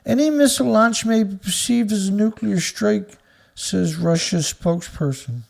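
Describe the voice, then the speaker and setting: A man's voice: high voice, normal speed, creaky. A man hosting an angry, profane commentary show, reading out headlines and then ranting about them with insults. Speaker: news commentary host.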